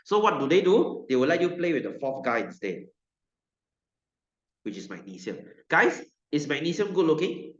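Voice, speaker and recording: A man's voice: a little high, sing-song, fairly quick, hardly any pauses. Malaysian guy teacher joking around in online class, voice jumps all over, echoey room, kinda dull sound. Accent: Malaysian English. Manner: playful, joking, chatty asides. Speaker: science teacher.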